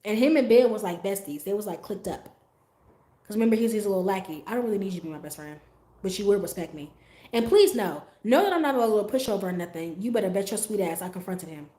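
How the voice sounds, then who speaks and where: A woman livestreaming tells a story straight to her viewers in a loose, profane, animated way, acting out her own reactions as she goes. Her pitch sits in the ordinary middle range. The voice carries a roomy echo. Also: fast talker. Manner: talks straight to her viewers with frequent asides. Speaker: livestream host telling a story. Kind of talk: casual storytime monologue.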